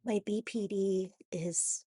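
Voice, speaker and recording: A woman with a raspy voice from a cold, talking haltingly in a personal confessional vlog with many restarts and "you know"s. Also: medium pitch, fairly even intonation, dark tone, no echo, studio quality. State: hoarse from a cold. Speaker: vlogger.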